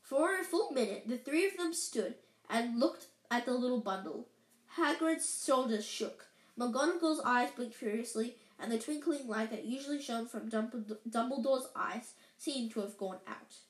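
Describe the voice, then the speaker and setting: A woman's voice: on the high side, animated, moderate pace. A woman reading a storybook aloud in an unpolished way, often stumbling and correcting herself. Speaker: reader. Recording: echoey room.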